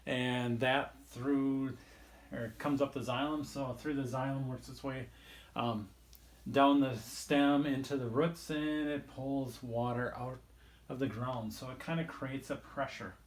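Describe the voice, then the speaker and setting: A man's voice: medium pitch, fairly even intonation, measured pace. Casual male biology teacher, echoey room. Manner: casual, rambling, drawing while explaining. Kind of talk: recorded video lesson.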